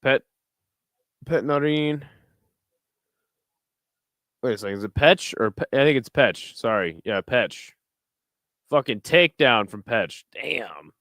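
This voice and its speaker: A man's voice: fairly low pitch, expressive, normal speed, few pauses, fairly bright tone, no room sound, studio quality. Laid-back, profane man commentating fights. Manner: laid-back, profane, jokey asides to chat. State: tired, burping. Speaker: livestream fight watch-along host. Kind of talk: casual live commentary.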